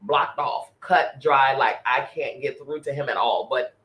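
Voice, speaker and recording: A man's voice: mid-range voice, a little slow, bright, forceful tone, rough recording. Earnest man telling a personal story. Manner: earnest, repeating and restarting phrases as he recounts. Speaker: podcast co-host. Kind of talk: casual chat, personal spiritual story.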